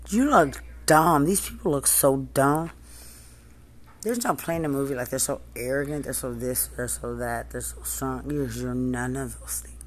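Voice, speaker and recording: A woman in an angry personal rant, furious and accusing, repeating herself, cursing and often yelling. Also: a bass voice, slight background noise.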